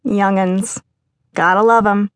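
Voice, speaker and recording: A friendly grown woman with a wry, joking way of talking, read by a woman narrating an audiobook. The voice sits close to the narrator's own, a touch brighter. It is recorded dry and close in a booth. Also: medium pitch, fairly even intonation, takes it slowly, no echo, lightly acted. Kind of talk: audiobook character voice.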